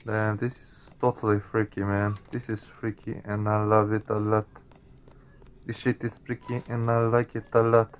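A man hosting a gaming channel, reacting to a horror game with jumpy, swearing commentary addressed to his viewers. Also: on the low side.

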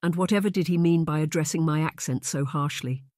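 A narrator voicing an earnest young lady with a raised, bright voice, sounding close and dry. She is gentle but quick to protest, read as an audiobook character. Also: mid-range voice, dry recording, lightly acted. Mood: indignant.

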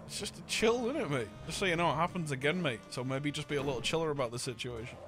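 Young man, teasing gamer, lively and slightly high voice. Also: fast, noisy background. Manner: teasing, cheeky, repeats catchphrases. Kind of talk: casual gaming banter.

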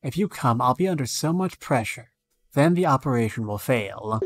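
A male streamer reading both sides of a game's dialogue aloud, with some lively rises. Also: medium pitch, moderate pace.

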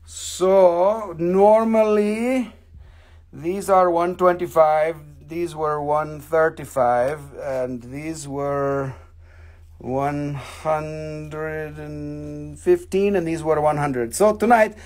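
Playful high-voiced man selling rocks. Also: steady tone, drawn-out words, a little mellow. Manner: playful, rambling, joking, repeats himself. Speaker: host selling rocks and crystals on a live stream. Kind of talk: live sales pitch.

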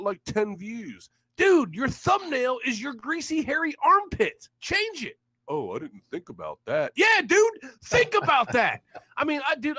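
A young man ranting loudly on a live stream, swearing constantly and laughing in mockery. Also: high-pitched, no room sound. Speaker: livestream host.

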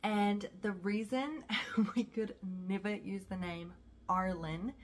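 A woman's voice: mid-range voice, slow, darkish tone. A young woman from South Africa with a New Zealand accent, chatting casually and enthusiastically to camera as a vlogger.

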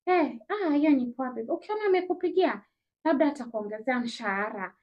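A woman's voice: high-pitched, brisk. A young Kenyan woman telling a casual storytime, mixing English with Swahili slang and acting out the dialogue in changing voices. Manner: animated, acts out dialogue with shifting voices. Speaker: vlogger. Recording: slightly dull lo-fi sound.

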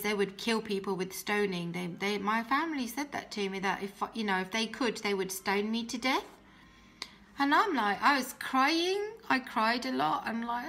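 A young woman giving an emotional personal testimony, earnest and often dropping to a soft voice. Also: mid-range voice. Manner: earnest, emotional, drops soft and quiet when quoting herself. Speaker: guest telling her testimony.

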